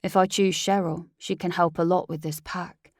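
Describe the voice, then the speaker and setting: A woman's voice: lowish voice, fairly even intonation, moderate pace, no echo, studio quality, close to an everyday voice. Woman reading a scornful young alpha werewolf. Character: cold young male werewolf heir, dismissive. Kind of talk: audiobook character voice.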